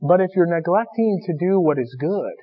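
A man preaching a sermon with fervor, his voice swinging between loud appeals and hushed pleas. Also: sits high, animated, moderate pace, breathy edge. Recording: dull lo-fi recording.

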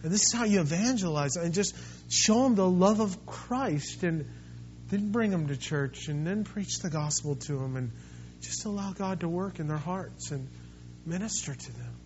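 A man preaching a sermon as pastor, swinging between quiet, intimate stretches and loud, impassioned ones. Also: high-pitched, lo-fi sound, a little hiss or hum.

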